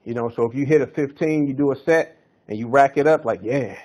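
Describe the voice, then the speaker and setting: Talking at a quick pace, this fitness podcast host has a mid-range voice with a touch of mellowness. He delivers a casual monologue full of slang and hyped-up, loose coaching energy.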